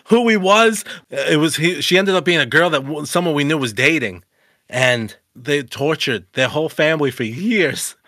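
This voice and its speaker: A man's voice: fairly high pitch, normal speed, no echo, clean studio sound. A man, co-hosting a podcast and telling rambling, profane stories in casual chat. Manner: animated, profane, rambling anecdotes with laughs. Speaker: podcast co-host.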